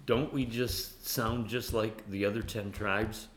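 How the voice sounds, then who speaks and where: A man teaching a conversational sermon who reads scripture aloud and laughs often, animated and self-mocking. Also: fairly low pitch, takes it slowly. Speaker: Bible teacher.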